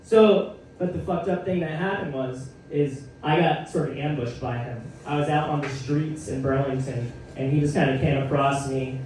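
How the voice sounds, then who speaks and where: Here a higher-pitched man with a darkish tone performs stand-up at a comedy club, speaking at normal speed. He tells his story in a conversational style, dropping wry asides. It's captured from a distance in an echoey live room, with a little background noise.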